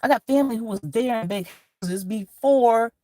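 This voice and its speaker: A woman from Georgia, talking in a rambling, profane, animated monologue as a vlogger. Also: on the high side, moderate pace, dry recording. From Georgia, USA. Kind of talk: casual monologue to camera.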